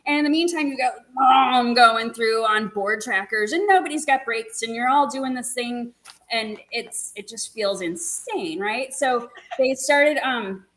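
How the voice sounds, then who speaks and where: A woman guest telling a racing story in an animated, laughing, quick way. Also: fairly high pitch, poor audio. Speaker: guest, motorcycle racer. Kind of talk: casual storytelling chat.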